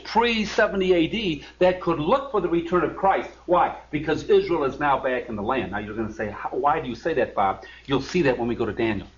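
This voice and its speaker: Animated man teaching a Bible study. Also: a little high. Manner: animated, emphatic, reads scripture aloud with asides. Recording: lo-fi recording.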